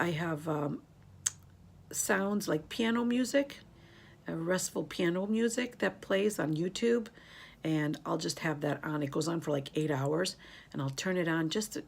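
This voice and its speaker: A beauty YouTuber in her fifties chats casually to camera for a tag video, rambling and growing emotional as she goes. Her voice sits low, husky and marked by vocal fry.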